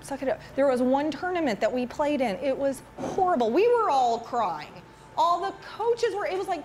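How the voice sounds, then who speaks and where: A woman's voice: high-pitched, a little hiss or hum. Chatty woman presenting to parents. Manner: chatty, animated, asks the audience questions. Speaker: school parent education presenter. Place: meeting room with an audience.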